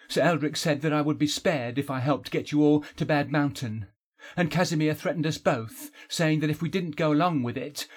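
Brief: man voicing a guilty, earnest fantasy hero, husky and a touch higher. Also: close to an everyday voice. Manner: pleading, earnest. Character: remorseful young male traitor confessing. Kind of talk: audiobook character voice.

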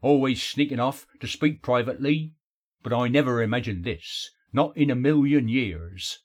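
Brief: man voicing a snappish wizard, husky, near-natural voice. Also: medium pitch, normal speed, lightly acted. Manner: curt, snappish. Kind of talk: audiobook character voice.

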